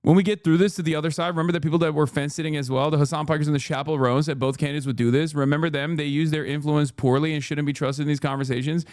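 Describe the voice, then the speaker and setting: A man's voice: a little high, steady tone, rapid-fire, hardly any pauses, no echo, clean studio sound. A man ranting on a live stream, profane and heated, mocking others by putting on voices for their quotes. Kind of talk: live stream reaction rant.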